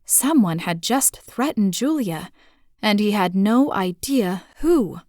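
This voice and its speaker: A woman reads a romantic suspense novel as a human audiobook narrator, in a steady, even storytelling voice. The recording is dry and close, with no room sound at all. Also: medium pitch, slow pace, no room sound.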